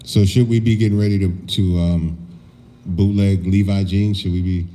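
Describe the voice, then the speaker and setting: A man co-hosting a casual political chat, giving measured, deliberate commentary, recorded in a reverberant room with faint hiss. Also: deep voice, fairly even intonation, warm tone.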